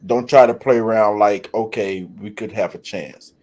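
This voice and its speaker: A man's voice: fairly low pitch, fairly even intonation, moderate pace, darkish tone. A man giving blunt, frank opinions as a panelist. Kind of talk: casual opinion commentary.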